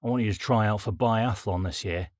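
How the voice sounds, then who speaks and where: A man's voice: fairly low pitch, a little fast, no room sound, studio quality, lightly acted. A man voicing a stern male army sergeant major whose voice is cold, clipped and resonant. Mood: scolding. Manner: gruff barking.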